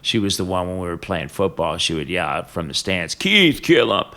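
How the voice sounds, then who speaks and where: An older man from Ohio, a business executive as guest, telling stories about his family in a halting, reflective way with fillers. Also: sits low, fairly even intonation, a bit bright. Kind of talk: casual interview conversation.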